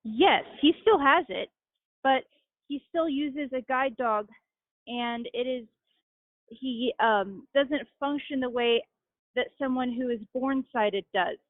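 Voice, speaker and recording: A young woman speaks in a measured, matter-of-fact manner as an interview guest. Her voice sits fairly high. It comes through a narrow, phone-like line with no room sound at all. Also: dry recording. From Utah. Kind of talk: interview answers.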